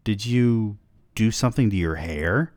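A man voicing a wary, teasing young woman who answers with sharp, skeptical retorts. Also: fairly low pitch, expressive, unhurried, no room sound, pitched above the performer's own voice.

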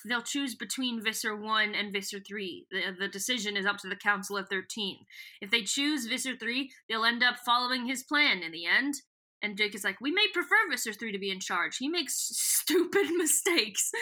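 A woman's voice: on the high side, bright, forceful tone. A young adult woman co-hosting a casual podcast, chatting through a book's plot, giggling often and reading the characters' lines aloud in a loose storytelling way. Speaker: podcast co-host. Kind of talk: casual chat retelling a book.

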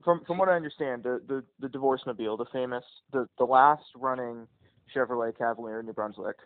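A man's voice: medium pitch, quick pace. A man talking as a podcast guest on the phone, with a dry, teasing sense of humor. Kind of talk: casual phone chat. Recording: tinny phone line.

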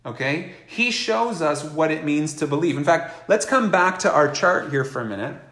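Conversational preacher in an echoey hall. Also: male voice, fairly high pitch, animated, normal speed, a bit bright. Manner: conversational, acts out quoted voices. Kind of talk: sermon.

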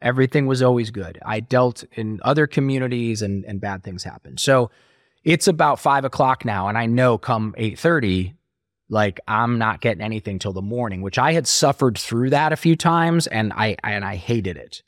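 A man's voice: mid-range voice, normal speed, no room sound, studio quality. A middle-aged man telling his story as an interview guest, acting out quoted voices as he talks.

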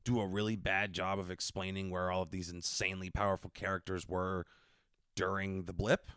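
A sardonic man co-hosting a podcast, delivering his jokes deadpan. His voice sits fairly low, and it is recorded dry and close, with no room sound. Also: a little fast, smooth, no echo. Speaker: podcast co-host. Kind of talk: casual chat.

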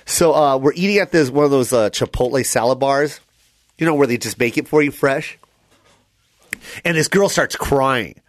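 A man co-hosting a podcast, telling stories in a loose, animated way with lots of fillers and acted-out voices. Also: mid-range voice, moderate pace. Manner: animated storyteller, many fillers, acts out voices. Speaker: comedian and podcast co-host. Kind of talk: casual storytelling chat.

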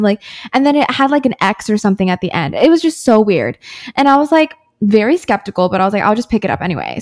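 A young woman in her twenties co-hosting a casual chat show, telling stories with animated quoted voices. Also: mid-range voice. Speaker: podcast co-host.

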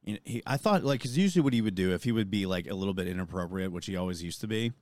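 A young man on a podcast, telling an animated story and quoting people as he goes. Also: sits low, racing, no echo. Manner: animated storytelling, lots of swearing and quoting others. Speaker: podcast co-host. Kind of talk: casual chat.

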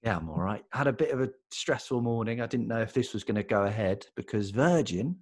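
A man's voice: mid-range voice, expressive, a little fast, slightly rough. A young man, co-hosting a casual chat podcast with a dry, self-mocking humor. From England. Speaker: podcast co-host.

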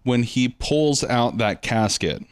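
A man's voice: medium pitch, expressive, slow pace, smooth. A man co-hosting a podcast, talking casually about an old horror film, hesitant and full of fillers. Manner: hesitant, many fillers, searches notes while talking. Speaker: podcast co-host.

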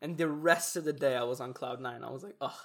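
A young man in casual podcast chat, telling stories in an animated way and acting out what other people said. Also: medium pitch, quick pace. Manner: animated storytelling, acts out quoted voices. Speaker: podcast co-host.

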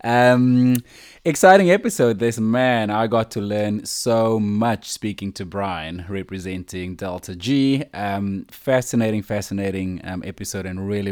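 Male podcast co-host, low-ish voice, relaxed chatty delivery. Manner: relaxed, laughs easily, fillers. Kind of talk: casual podcast chat.

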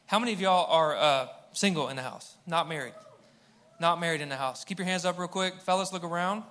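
Bright-voiced young man preaching. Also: a little high, a little fast. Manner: humorous, conversational, addresses the crowd directly. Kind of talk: sermon to a live congregation. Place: church hall with audience.

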